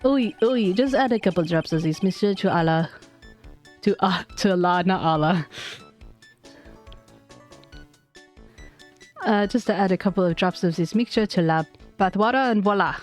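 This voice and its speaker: Brief: fussy male chef with an overdone French accent, high and showy, played by a woman. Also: fairly even intonation, brisk, few pauses, darkish tone, soft background music, lightly acted. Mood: flamboyant. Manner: exaggerated French accent, flowery.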